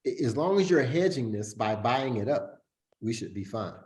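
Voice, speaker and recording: A man's voice: mid-range voice, animated, normal speed, a little mellow. A man hosting a casual market analysis chat, talking in a hesitant way with lots of fillers and restarts.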